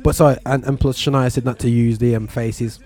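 A man's voice: medium pitch, fairly even intonation, a little fast, a little mellow. A man with a London accent hosting a talk show, chatting casually in slang and often stumbling over his words. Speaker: radio show host. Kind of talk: casual chat.

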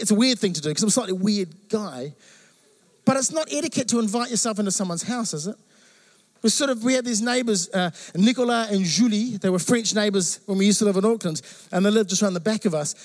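A man preaching a sermon, telling stories with lively acted-out quotes and jokes. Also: sits high. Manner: animated storytelling with acted quotes. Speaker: pastor.

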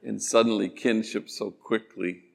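A man, a priest, telling stories in a gentle, slow sermon-like talk that drops to soft endings. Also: fairly low pitch, fairly even intonation, creaky. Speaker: priest and speaker. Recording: long reverb of a large hall.

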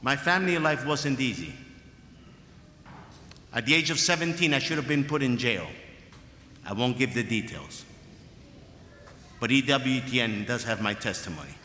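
A man's voice: mid-range voice, animated, moderate pace, pauses often, bright, forceful tone, a little hiss or hum. A man preaching a sermon as a priest, emphatic and fond of repeating his phrases. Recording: echoey hall with long reverb.

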